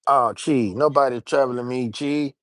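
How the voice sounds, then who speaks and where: Hosting a relaxed livestream, a man drifts across subjects in a rambling way, stumbles on repeated words, and keeps addressing his viewers. He speaks at medium pitch with fairly even intonation and a moderate pace, in a dry, close room with no room sound.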